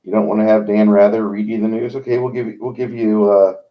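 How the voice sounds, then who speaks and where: A man's voice: lowish voice, level tone, fast, lo-fi sound, natural voice. A man voicing a scheming male government insider who talks in a sneering, sing-song way. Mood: mocking.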